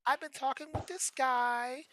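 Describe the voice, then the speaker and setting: A woman's voice: high voice, fairly even intonation, a little slow, pushed and bright, pitched above the performer's own voice. A man voicing his teenage girlfriend, coy and teasing, hesitant and full of ums.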